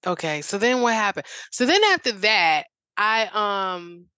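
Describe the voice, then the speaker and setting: A woman's voice: mid-range voice, lively intonation, a little slow, bright, forceful tone, dry recording. A woman guest on a talk show, telling her story in an eager, rambling way full of "like"s and restarts. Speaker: interview guest. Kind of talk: casual interview chat.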